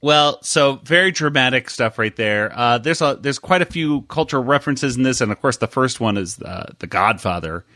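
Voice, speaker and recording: A man's voice: mid-range voice, expressive, moderate pace, hardly any pauses, bright, forceful tone, no room sound, clean studio sound. A man hosting a cartoon podcast, rambling with fillers and chuckles in casual chat. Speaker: podcast host.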